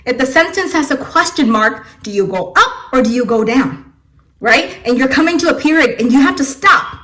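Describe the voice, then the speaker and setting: A young woman from Vietnam teaching an English lesson in a casual, encouraging way, checking in with "okay?" and "right?" after many phrases. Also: high-pitched.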